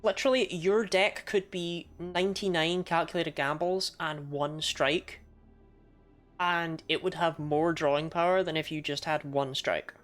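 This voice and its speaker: A woman's voice: low-pitched, steady tone, measured pace, soft background music. A young woman casually commenting on a video game she is playing, chatty, swearing freely and laughing often. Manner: reads game text aloud.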